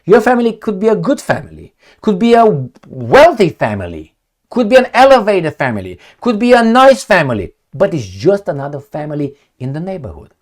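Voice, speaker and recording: A man ranting angrily about the news, sarcastic and swearing, reading headlines aloud and picking them apart. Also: fairly quick. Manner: angry, sarcastic, swearing, lively swings in pitch. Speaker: political commentator.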